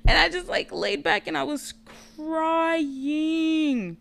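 A woman's voice: high-pitched, brisk, gravelly. A woman telling a personal story in casual chat, candid and profane. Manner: candid, profane, lively retelling.

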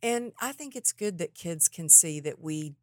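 A woman hosting a podcast, chatting casually and telling animated stories about her family. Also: on the low side, normal speed, no echo, clean studio sound. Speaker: podcast host. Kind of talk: casual interview chat.

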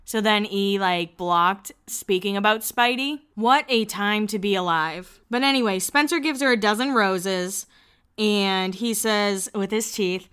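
Chatty young woman with a smooth voice. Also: medium pitch, fairly bright tone. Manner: chatty, laughs often, quotes people in quick asides. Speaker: podcast host recapping a reality show. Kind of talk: casual chat.

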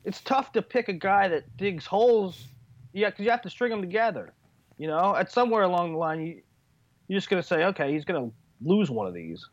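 A man's voice: sits high, sing-song, fairly quick, dry recording. A man co-hosting a casual talk show, with a dry, sarcastic way of talking. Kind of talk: casual chat. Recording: dull, dry lo-fi sound.

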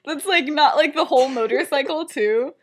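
A young woman with a fairly high voice chats on a podcast, retelling a fan story. She giggles often, leans on fillers, and slips into quick acted-out quotes for each character. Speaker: podcast co-host.

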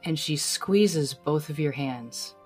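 Woman game master, low and unhurried, faint music bed. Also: a little mellow. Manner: slow, descriptive second-person narration. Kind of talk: narrating a tabletop game.

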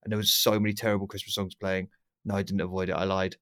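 A man's voice: sits low, little pitch movement, fast, fairly bright tone, smooth. A man co-hosting a podcast in casual chat, teasing and laughing, with some swearing. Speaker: podcast co-host.

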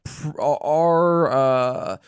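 A man hosting a casual chat, playful and quick to laugh. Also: on the high side, clear, resonant tone, no echo, clean studio sound. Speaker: podcast host.

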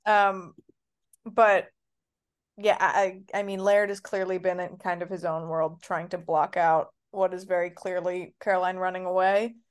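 A woman's voice: fairly low pitch, flat delivery, measured pace, smooth. A woman co-hosting a podcast, joking playfully and swearing casually as she recaps a TV episode. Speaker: podcast co-host.

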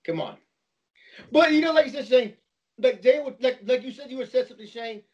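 High-voiced rambling man, dull recording. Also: brisk, a little mellow. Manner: rambling, with many restarts and repeated words. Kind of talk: casual storytelling chat.

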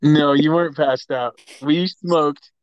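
Man, animated storytelling, interrupts, profane, higher pitch, dry dull recording. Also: takes it slowly, clear, resonant tone, dry recording. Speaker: podcast regular. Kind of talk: casual storytelling.

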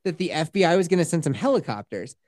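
A woman's voice: low voice, fast, dry recording, studio quality. A woman in casual chat recapping a movie, swearing freely and acting out the characters. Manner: animated, swears a lot, acts out characters in shouts.

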